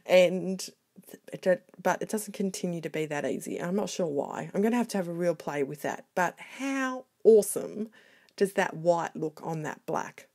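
A woman narrating her scrapbooking video in a casual voiceover, chatty, excitable and quick to poke fun at herself. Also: mid-range voice. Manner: chatty, excitable and self-deprecating. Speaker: scrapbooking vlogger. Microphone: voiceover recorded separately.

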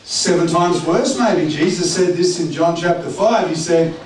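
A man's voice: on the high side, measured pace, darkish tone. A middle-aged man preaching a sermon as pastor, talking plainly and putting questions to the congregation. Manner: conversational, direct, asks the congregation questions. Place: church hall. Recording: echoey church room from far off, faint noise.

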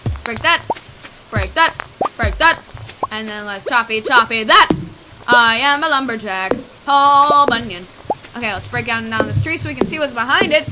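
Goofy, high-voiced woman gamer. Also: expressive, normal speed, loud music behind the voice. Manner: goofy, chatty, exclaiming. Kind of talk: let's play commentary.

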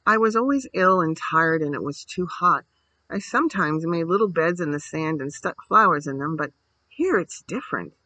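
A man's voice: on the high side, expressive, normal speed, sharp tone, dry recording, poor audio. A man voicing a thin, timid little orphan girl who stammers and pleads earnestly. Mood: timid pleading.

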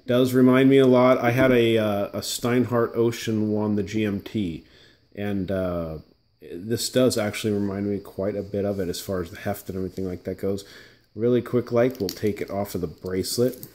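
A man's voice: fairly low pitch, normal speed. A man hosting his watch channel, giving a casual, chatty unboxing review with lots of ums and asides. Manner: relaxed and chatty, full of fillers and asides.

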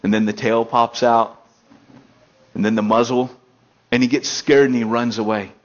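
A young American man preaching a casual storytelling sermon, animated, with loud excited bursts and quiet stretches. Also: mid-range voice, moderate pace. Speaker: pastor. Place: elementary school meeting room. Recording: dull lo-fi sermon recording.

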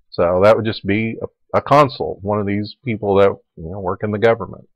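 Male Latin teacher, low voice, relaxed lecture delivery, dry recording. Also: fairly quick, no room sound, dull audio. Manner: relaxed explaining, repeating forms aloud.

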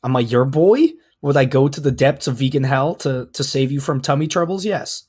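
A man co-hosting a podcast in casual chat, reading things aloud with a blunt, wry, deadpan delivery. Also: mid-range voice, normal speed, slightly rough. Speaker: podcast co-host.

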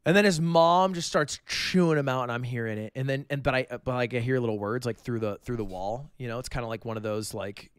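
A man's voice: mid-range voice, brisk, few pauses, clean tone, dry recording. A young man in his twenties, a streamer casually telling a joking story with plenty of swearing.

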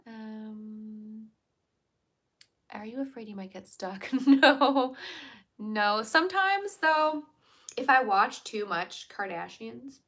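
Woman, young adult, casual livestream chat, bright voice, chatty, laughs often. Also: mid-range voice, slow. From Virginia, US. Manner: chatty, laughs often, answers viewer comments. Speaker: livestream host.

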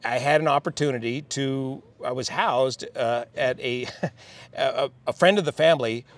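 A man in his later years recalls his flying career with steady, thoughtful pacing. His pitch sits at an ordinary middle level, and he restarts phrases as he gathers his thoughts. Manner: reflective, measured, with restarts. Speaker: interview guest, airline pilot. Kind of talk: relaxed storytelling.

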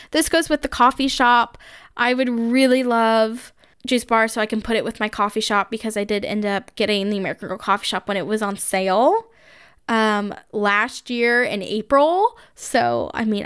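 Chatty and gushing, this young woman runs her own podcast solo, sprinkling "like" and "um" throughout. She speaks at a normal speed in a fairly high, slightly bright and smooth voice, recorded dry with clean studio sound.

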